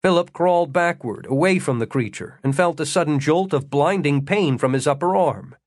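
A man narrating an audiobook in a steady, wry storytelling manner, slowing down for the descriptive passages. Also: fairly high pitch, no room sound, clean studio sound. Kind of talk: scripted narration.

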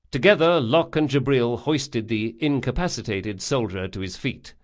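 A man's voice: medium pitch, moderate pace, hardly any pauses. A man reading a fantasy novel aloud as a scripted audiobook narration.

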